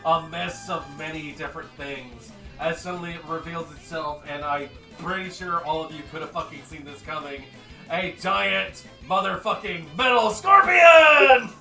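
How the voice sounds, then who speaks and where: Casual male game master, slightly high voice, distant mic with music behind. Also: normal speed, creaky, pushed and bright, echoey room. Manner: casual, laid-back, swears freely. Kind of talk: narrating a tabletop game.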